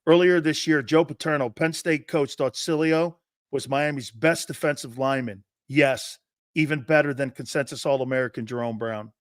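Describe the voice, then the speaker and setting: A man in his fifties hosting a sports talk show, telling rambling, animated anecdotes with many restarts. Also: medium pitch, normal speed, no room sound, studio quality. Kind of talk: casual storytelling and show hosting.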